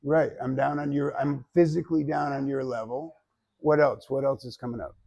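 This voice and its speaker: A man teaching public speaking to a live class in an energetic, conversational way, often checking in with "right?". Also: mid-range voice, moderate pace, vocal fry, breathy edge, muffled recording. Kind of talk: classroom lecture.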